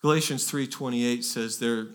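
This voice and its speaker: A man's voice: medium pitch, steady tone, normal speed. A pastor preaching a sermon, earnest and emphatic, often repeating words and pushing his voice up to stress key phrases.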